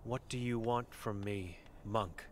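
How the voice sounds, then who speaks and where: A man's voice: lowish voice, measured pace, noisy background, lightly acted. A man reading the chalkboard words of an old blind, mute woman in a game, in terse, broken phrases. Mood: cryptic.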